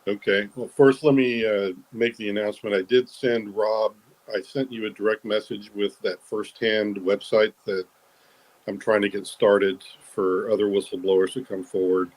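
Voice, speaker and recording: A man speaking as a guest in a live online audio room, talking in a hesitant way with many pauses and restarts. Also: fairly low pitch, little pitch movement, darkish tone, low-quality recording. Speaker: whistleblower guest. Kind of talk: casual talk in a live audio chat room.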